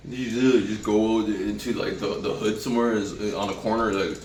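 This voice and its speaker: Speaking at a normal speed in a steady, lowish voice, a man gives a loose, profanity-laced spoken review of a TV episode. He rambles and keeps starting his sentences over. He's picked up from a distance in a roomy space with a little background noise.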